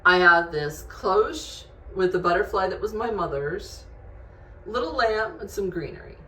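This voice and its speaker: A woman's voice: mid-range voice, expressive, a little slow, sharp tone, reverberant, a little hiss or hum. A woman showing off her redecorated bedroom in a casual home vlog, chatting as she points out each piece, filmed on a tripod camera in her bedroom. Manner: chatty, homey, shows items one by one. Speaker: home decor vlogger. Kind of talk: casual room tour vlog.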